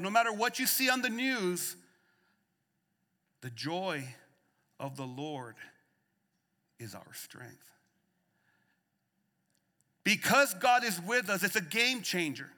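A man delivers a sermon in a high, piercing voice. He drops to a near whisper, then rises to emphatic declarations, hammering repeated phrases. Long reverb trails each line in the church hall. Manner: swings between soft hushed lines and raised emphatic ones. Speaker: pastor. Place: church sanctuary.

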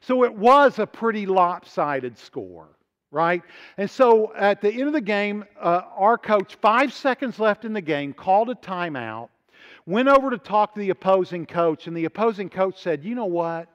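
Male preacher, high voice, animated storyteller, dull audio with long hall reverb. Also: moderate pace. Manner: animated, builds to excited peaks and drops to quiet appeals. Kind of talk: sermon storytelling.

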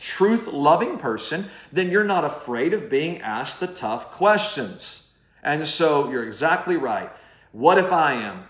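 A man's voice: medium pitch, fairly bright tone, reverberant. A man preaching a sermon as pastor, conversational and emphatic, putting direct questions to his listeners.

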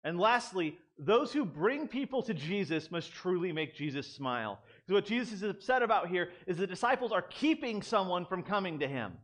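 Animated, high-voiced young male pastor. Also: moderate pace, few pauses. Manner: conversational, animated, self-deprecating asides. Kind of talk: casual sermon.

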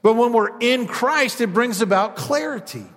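High-voiced preacher in a reverberant hall. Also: male voice, animated, moderate pace, fairly bright tone. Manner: preaching with quoted asides and acted-out voices. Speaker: pastor. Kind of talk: sermon.

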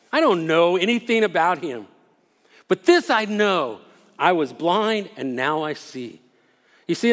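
A man preaching a sermon in a conversational, emphatic way, acting out the voices he quotes. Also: fairly high pitch. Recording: long hall reverb.

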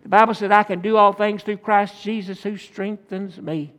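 High-voiced preacher man. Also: flat delivery, normal speed, fairly bright tone. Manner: preaching with folksy stories and call-and-response. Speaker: pastor. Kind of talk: sermon.

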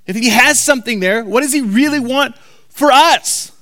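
A man preaching a sermon to a congregation. He talks emphatically and repeats key lines slowly for weight. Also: extremely high pitch, pushed and bright. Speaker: pastor. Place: church hall before a congregation.

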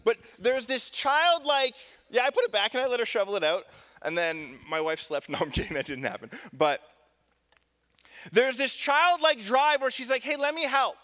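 A man's voice: very high-pitched, big pitch swings, moderate pace, pushed and bright. A man in his thirties, a pastor preaching a sermon, telling family stories in a loose, self-deprecating way with lots of fillers. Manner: conversational storytelling with many fillers. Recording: long hall reverb.

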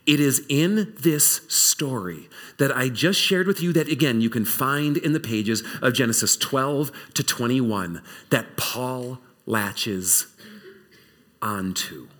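Animated male preacher telling a story. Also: medium pitch, slow pace. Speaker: pastor. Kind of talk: sermon.

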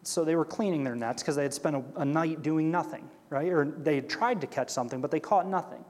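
A man's voice: on the high side, a little fast, a little mellow. A man leading a Bible study, reading scripture aloud and explaining it in a conversational way, often checking in with "right?". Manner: acts out quoted characters with shifting voice. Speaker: Bible teacher. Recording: long hall reverb.

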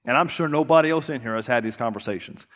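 A man's voice: mid-range voice, fast. A young adult man preaching a sermon as pastor, telling a family story and acting out the voices in it. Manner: storytelling, animated, acts out quotes. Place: church sanctuary. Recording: long hall reverb.

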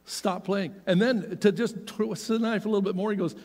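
Middle-aged preacher guy telling his story, big swings loud to quiet, echoey church hall. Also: high-pitched, steady tone, brisk. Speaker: pastor. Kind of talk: sermon storytelling. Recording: long hall reverb.

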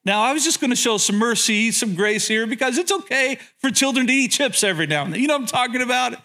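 A man's voice: very high voice, expressive, fast talker, sharp tone. A man pastor preaching a sermon, telling humorous stories, questioning the audience, and often repeating words as he goes. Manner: frequent word repetitions.

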